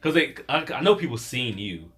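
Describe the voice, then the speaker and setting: A man's voice: medium pitch, big pitch swings, normal speed, a bit bright. A man hosting a podcast in casual chat, rambling and acting out quoted voices. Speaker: podcast host.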